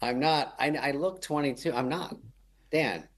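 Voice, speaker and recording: A middle-aged man, a comedian guest, telling stories in a wry, deadpan way and putting on mocking voices for the people he quotes. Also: on the high side, measured pace. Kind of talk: storytelling chat.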